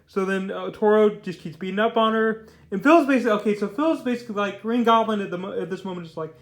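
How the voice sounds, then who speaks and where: Casting note: young male comic reviewer, chatty and rambling, high-pitched, roomy echo. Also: fast. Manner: rambling, filler-heavy, repeats words. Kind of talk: casual video review. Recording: echoey room.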